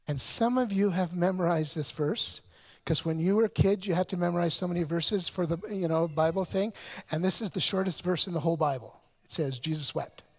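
Husky pastor guy preaching, earnest, keeps repeating words as he goes. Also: fairly high pitch. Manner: earnest storytelling, many stumbling repetitions. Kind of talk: sermon.

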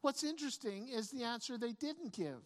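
A woman's voice: on the high side, expressive, normal speed. A woman pastor delivering a sermon, telling the story in a conversational way and often repeating words as she restarts her phrases. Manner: storytelling preacher, frequent stammered restarts. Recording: long reverb of a large hall.

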